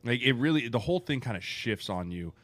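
A man's voice: medium pitch, lively intonation, brisk, fairly bright tone, no room sound. Chatty man on a dry close mic. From Denver. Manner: conversational, says "right?" and "like" often. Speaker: podcast co-host, former player turned agent. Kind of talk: casual chat.

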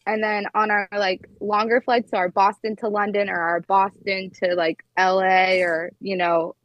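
A woman's voice: mid-range voice, little pitch movement, normal speed, no room sound, muffled recording. A young woman in her twenties, a flight attendant, chatting casually and telling stories full of "like". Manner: chatty storytelling, lots of "like". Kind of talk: casual podcast chat.

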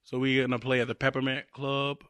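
A man talking casually as a podcast guest, relaxed and hesitant with frequent ums. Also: medium pitch, brisk, clear, resonant tone, dry recording. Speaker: guest musician and actor. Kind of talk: casual interview chat.

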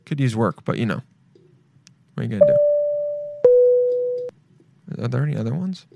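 A man's voice: mid-range voice, big pitch swings, normal speed, creaky, heavy background noise. A man hosting his own show alone, chatting casually in a loose, rambling way with lots of swearing and playful asides. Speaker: podcast host. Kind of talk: casual solo show chat.

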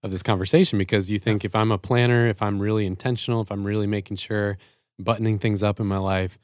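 A man with a fairly low voice chats on a podcast, affirming and upbeat and quick to laugh. The sound is dry and close-miked. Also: steady tone, dry recording. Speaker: podcast co-host. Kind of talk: casual podcast chat.

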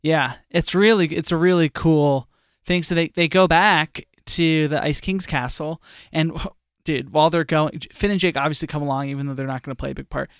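A young man co-hosting a casual podcast, recapping a cartoon episode in an animated, rambling way. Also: fairly high pitch, normal speed, clean tone, dry recording, studio quality. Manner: animated, rambling, lots of fillers. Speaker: podcast co-host.

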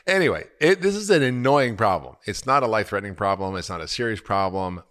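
This middle-aged physician runs a podcast where he responds to listeners' questions with lively emphasis and the odd laugh at himself. His male voice is low-pitched.

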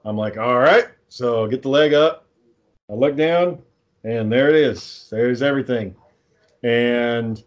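A man's voice: mid-range voice, lo-fi sound. A young adult man co-hosting a casual chat, rambling through stories and swearing freely. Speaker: podcast co-host.

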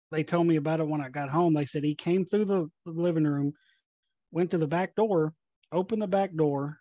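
A young man from Tennessee, a paranormal investigator, telling ghost stories in a casual, animated way and acting out the dialogue. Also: a little high, no room sound, highs cut off. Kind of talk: casual storytelling.

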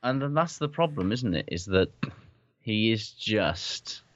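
A man's voice: lowish voice, lively intonation, measured pace, fairly bright tone. A man co-hosting a rugby podcast, talking bluntly and swearing a lot. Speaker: podcast co-host. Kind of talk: casual chat about rugby. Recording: dull, dry lo-fi sound.

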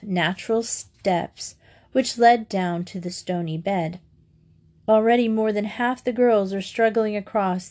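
A woman reads a children's novel aloud. Her voice is middle-pitched and her storytelling is steady. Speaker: audiobook reader.

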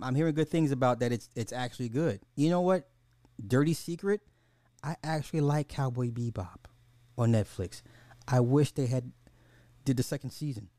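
A man's voice: mid-range voice, mellow, no room sound, clean studio sound. A man hosting a podcast, ranting in casual talk, swearing freely and repeating himself when worked up. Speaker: podcast host.

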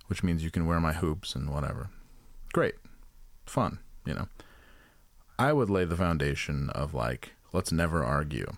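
A man's voice: rumbling low, moderate pace, no room sound. A man co-hosting a casual comedic chat, rambling and profane as he tells jokey stories. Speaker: podcast co-host.

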